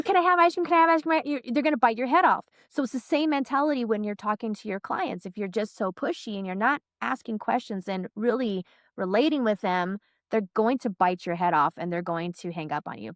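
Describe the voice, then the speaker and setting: A woman's voice: mid-range voice, no echo, studio quality. A woman in her thirties, a sales trainer, telling stories animatedly and repeating phrases for emphasis as a podcast guest. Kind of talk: podcast interview, storytelling.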